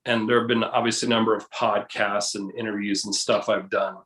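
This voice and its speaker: A man's voice: lowish voice, flat delivery, fairly quick, fairly bright tone, echoey room, rough recording. A man guest in a casual video chat, explaining at length with many restarts and hesitations. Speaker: guest, case researcher.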